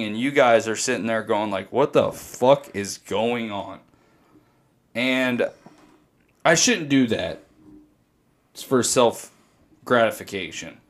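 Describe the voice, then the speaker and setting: Animated, swearing man telling stories. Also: mid-range voice. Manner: animated storytelling, swears freely. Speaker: podcast co-host. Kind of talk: casual podcast chat.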